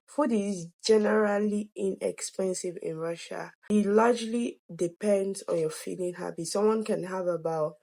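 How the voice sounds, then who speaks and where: A slightly hoarse woman, an education consultant, talking the viewer through figures in a conversational explainer video. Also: mid-range voice, normal speed, few pauses, mellow.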